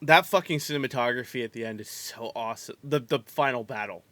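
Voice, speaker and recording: Man, podcast co-host, excitable and foul-mouthed, dry close recording. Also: mid-range voice, fast talker, no echo. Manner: enthusiastic, crude jabs. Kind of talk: casual profane movie chat.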